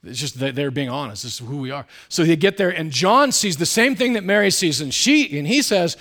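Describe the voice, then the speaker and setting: A man preaching a sermon in a conversational, candid way, full of asides, who swings between loud emphatic bursts and quiet low asides. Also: lively intonation, a little fast, few pauses. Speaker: pastor.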